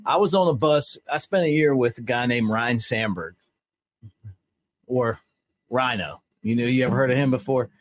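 A man's voice: mid-range voice, moderate pace, no room sound. A middle-aged man co-hosting a podcast, chatting in a loose, rambling way with lots of fillers. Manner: rambling, lots of "like" and "you know", laughs at own stories. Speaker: podcast co-host, play-by-play announcer. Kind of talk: casual chat.

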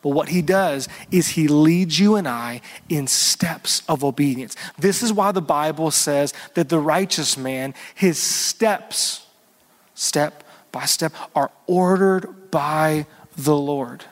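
A man's voice: on the high side, slow pace, big-room sound. A man preaching a sermon as pastor, earnestly stretching out key words and calling for responses from the congregation. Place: church service.

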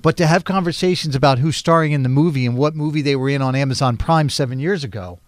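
A man's voice: on the high side, fast, dry recording. A man co-hosting a radio show, telling stories in casual banter and mimicking other people's voices. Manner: animated storytelling, mimics others.

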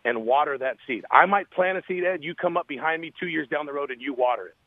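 A man, a radio interview guest, telling a story in an earnest, animated way over a phone line. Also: on the high side, fast talker, no room sound.

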